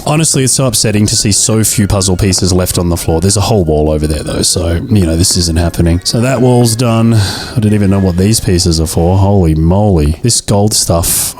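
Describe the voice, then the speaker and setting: This gaming video creator has a fairly low, darkish voice. A young man, he narrates a let's-play with jokey, mock-dramatic reactions to his own blunders, over faint game music.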